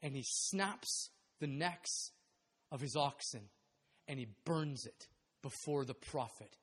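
A man preaching a sermon, animated and acting out the voices of the people in the story. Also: medium pitch, slow pace, husky. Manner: animated, acts out biblical voices. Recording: long hall reverb.

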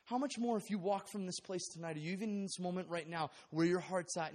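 A man preaching a sermon, animated and acting out the voices of the people in the story. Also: sits high, quick pace. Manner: animated, acts out biblical voices. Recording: long hall reverb.

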